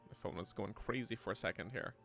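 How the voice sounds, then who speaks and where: A man's voice: on the low side, quick pace, fairly bright tone, faint music behind. A man from Canada chatting casually while streaming a video game, laughing often and answering chat.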